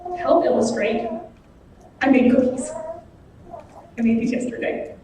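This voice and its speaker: A woman giving a guest sermon in a church, speaking in an earnest, personal way. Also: high voice. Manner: earnest and personal, slow and deliberate. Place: church sanctuary. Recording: echoey hall from far off, faint noise.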